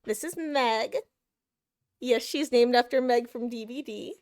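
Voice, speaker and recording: A young woman streams a game live, chatting casually, giggling, and sometimes cooing to her cat. Her voice is on the high side, a little slow, and darkish in tone, with no room sound.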